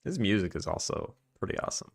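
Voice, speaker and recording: A man from Long Island with a Long Island accent, streaming a game and chatting casually with his viewers in a rambling, chuckling way. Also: fast. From Long Island, New York. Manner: chatty, rambling, chuckles while talking to chat. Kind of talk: casual chat while gaming.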